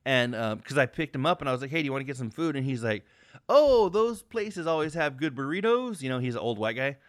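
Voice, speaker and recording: A man's voice: medium pitch, fast, no echo, clean studio sound. A man co-hosting a podcast, telling stories in casual chat, swearing a lot and acting out the people he quotes. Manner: profane, animated storyteller acting out quotes. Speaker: podcast co-host.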